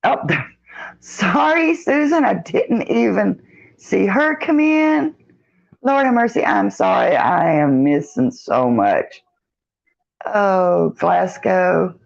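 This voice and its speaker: A middle-aged woman chatting casually on a live stream, reading out the live chat and greeting viewers by name in a folksy, drawn-out way. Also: mid-range voice, sing-song, creaky, highs cut off.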